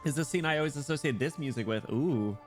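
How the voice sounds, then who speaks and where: A man's voice: medium pitch, soft background music. A man streaming a game while sick, chatting with viewers and reading dialogue aloud. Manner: chatty and animated, quick asides with laughs. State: sick, voice cracking.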